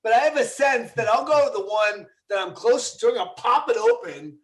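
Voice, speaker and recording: High-voiced joking man player. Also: a little fast. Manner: joking, rambling, playful. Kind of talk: casual tabletop play.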